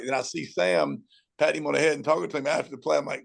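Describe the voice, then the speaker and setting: A middle-aged man, a high school football coach, telling stories as an interview guest and acting out his own shouting at the TV. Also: very fast, vocal fry. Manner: animated storyteller, acts out shouting at the TV.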